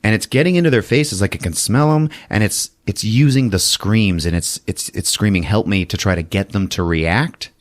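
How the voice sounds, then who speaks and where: A man hosting a podcast, recapping a film as a casual, profane, animated storyteller. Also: on the low side, moderate pace, few pauses.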